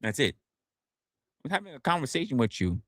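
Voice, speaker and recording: A male livestream host in a casual, sarcastic rant who keeps slipping into mock voices. His pitch swings widely and his delivery is lively. The sound is close and dry with no room echo. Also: a little fast. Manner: animated, sarcastic, acts out other people's lines.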